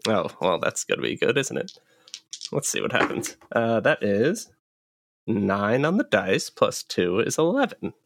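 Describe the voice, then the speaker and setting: A man's voice: lowish voice, wildly swooping pitch, a little slow, gravelly, fairly bright tone, dry recording. Man reading game rules, dry sound. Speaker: player. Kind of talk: actual-play roleplay.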